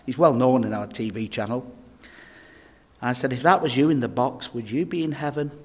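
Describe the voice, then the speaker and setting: Male preacher, storytelling sermon, mid-pitched, long church reverb. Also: normal speed. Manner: earnest, humorous anecdotes, addresses folks directly.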